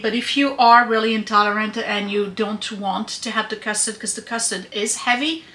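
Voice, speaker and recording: Bright-voiced woman in an echoey kitchen. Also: medium pitch. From France. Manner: chatty, explains as she goes. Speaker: home baking vlogger. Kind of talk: casual cooking demonstration. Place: home kitchen. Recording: echoey kitchen with faint hiss.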